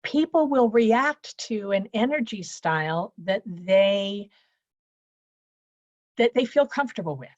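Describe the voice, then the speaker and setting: A woman's voice: medium pitch, expressive, takes it slowly, dry recording, lo-fi sound. A woman coaching listeners on presentation skills, speaking in a straightforward, practical way over a video call. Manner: straightforward and practical, teaching in lists. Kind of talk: speaking to an online event.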